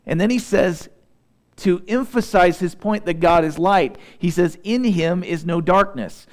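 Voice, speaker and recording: A man delivers a sermon in a somewhat high voice. He reads scripture at a slow, measured pace. Between readings he drops into easygoing, conversational remarks to his listeners. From Southeast Missouri. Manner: reads scripture slowly and deliberately, then shifts into relaxed conversational asides. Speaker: pastor.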